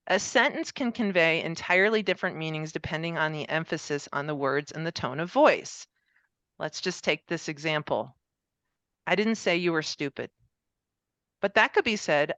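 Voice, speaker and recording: A woman's voice: low voice, fairly bright tone, no room sound. A woman giving a pre-recorded conference presentation, explaining steadily with the odd filler.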